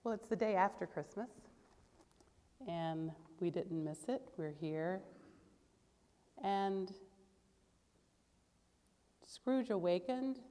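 A woman leading a church service, reading a story aloud with expressive delivery, then speaking gently to the congregation. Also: on the low side, long reverb tail. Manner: expressive, animated reading that turns soft and gentle. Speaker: service leader.

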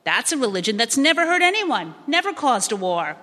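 A woman's voice: on the high side, very animated, brisk, sharp tone, big-room sound, pitched above the performer's own voice, heavily acted. A woman reading a skeptical man's lines in a wry, questioning way.

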